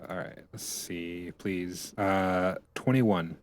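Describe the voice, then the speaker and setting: A man's voice: low-pitched, steady tone, slow. Joking man playing a tabletop game. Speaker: player.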